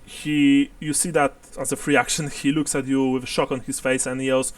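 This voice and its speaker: A man's voice: medium pitch, flat delivery, normal speed, recorded from a distance. Man running a tabletop game. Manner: explains rules, laughs often. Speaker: game master. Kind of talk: narrating a tabletop game online.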